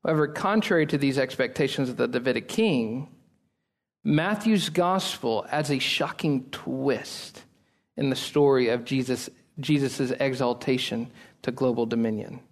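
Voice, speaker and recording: A man preaching a sermon in church as pastor, opening in prayer and speaking earnestly, building to emphatic peaks and dropping low and slow at phrase ends.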